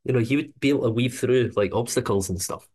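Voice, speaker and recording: A man's voice: medium pitch, quick pace, darkish tone. Chatty Scottish man, casual banter. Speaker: podcast guest. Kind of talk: casual football podcast chat.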